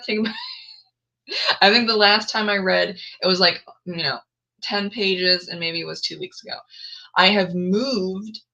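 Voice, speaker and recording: A woman's voice: lowish voice, pushed and bright, poor audio. A woman chatting casually and rambling on a live stream, with laughing asides. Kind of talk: casual chat.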